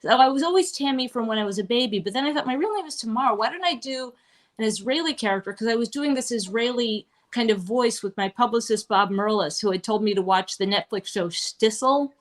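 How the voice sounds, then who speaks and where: Live-streamed from a restaurant, this casual interview features a middle-aged guest performer from Manhattan, New York. Her voice is on the high side and fairly quick, and her talk rambles with plenty of fillers and asides.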